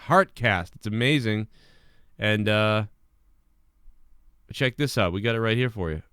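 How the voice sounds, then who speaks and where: A young man hosting his own live stream, rambling through his thoughts with constant swearing and false starts. His voice is smooth and resonant at a middling pitch. The sound is dry and close, with no room echo. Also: fairly bright tone. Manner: rambling, heavy swearing, trailing restarts. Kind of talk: casual live-stream commentary.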